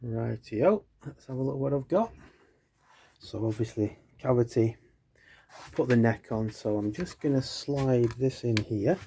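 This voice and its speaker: A man's voice: medium pitch, measured pace, dark tone, slight background noise. A man chatting casually while he works on a guitar build in his workshop, thinking aloud and poking fun at himself.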